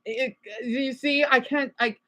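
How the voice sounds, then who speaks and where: A woman from Arizona with an American accent, voice sitting a bit high, rants on a livestream. She rambles, doubles back and keeps punching her points with "okay?". The sound comes from a simple home mic setup. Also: steady tone, slow pace, fairly bright tone. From Arizona, USA. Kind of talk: ranting livestream monologue. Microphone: basic home setup.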